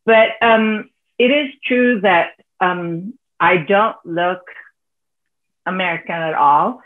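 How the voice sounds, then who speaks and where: A woman with a Filipino accent, a teacher speaking earnestly on a panel discussion, sometimes laughing softly as she talks. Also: fairly low pitch, slow pace. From Philippines. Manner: earnest, heartfelt, laughs softly while talking. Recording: tinny phone-like video call audio.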